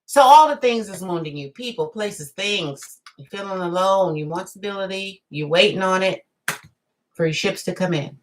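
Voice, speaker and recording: A woman giving a live tarot reading in a chatty, drawn-out way, full of asides. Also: mid-range voice, a little hiss or hum, low-quality recording. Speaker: tarot reader.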